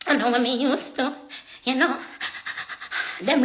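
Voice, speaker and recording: A woman's voice: sits high, unhurried, long pauses, fairly bright tone. A young woman chatting casually on a phone livestream, slipping into patois and laughing often. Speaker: social media personality.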